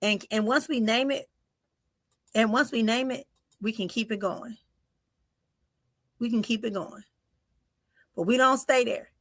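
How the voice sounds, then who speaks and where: A middle-aged woman, hosting a live stream and giving emotive spiritual readings that often drop into soft whispers. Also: a little high, unhurried, long pauses, no echo, studio quality. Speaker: spiritual medium and podcast host. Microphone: close mic for live streaming.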